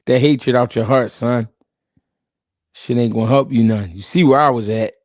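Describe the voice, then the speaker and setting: A man voicing a stern father warning his son, in a slow, grave, lecturing way, much lower than his own voice. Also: darkish tone, dry recording, clean studio sound, lightly acted.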